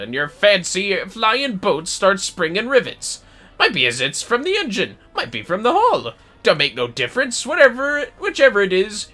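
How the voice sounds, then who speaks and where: A loud gruff old craftsman boss. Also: high-pitched, voice pushed up, full character voice. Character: gruff older male craftsman boss, hearty and bossy.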